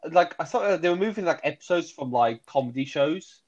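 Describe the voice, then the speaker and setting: A man's voice: on the high side, lively intonation, a little fast, darkish tone, lo-fi sound. A man from England co-hosting a podcast, talking hesitantly with lots of fillers and restarts. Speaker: podcast co-host. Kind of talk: casual chat.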